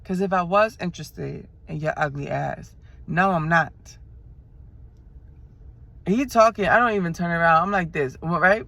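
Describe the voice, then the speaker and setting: A woman in her twenties from New York, with a New York accent, chatting in a car and telling a story in an animated, slangy way, acting out the people she quotes. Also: on the low side, moderate pace, creaky, long pauses, dry recording. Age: 20s. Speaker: vlogger. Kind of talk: casual storytelling chat. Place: inside a car.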